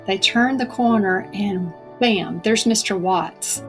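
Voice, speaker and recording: Over soft background music, a middle-aged woman with a mid-range voice gives an earnest, thoughtful testimony on a podcast where she is a guest. She eases her pace for emphasis.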